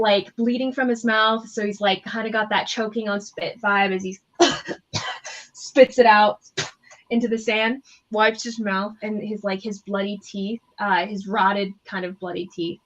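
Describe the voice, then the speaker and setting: A woman's voice: fairly high pitch, steady tone, moderate pace. A woman narrating as game master in loose, chatty talk full of fillers. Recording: slightly muffled lo-fi mic.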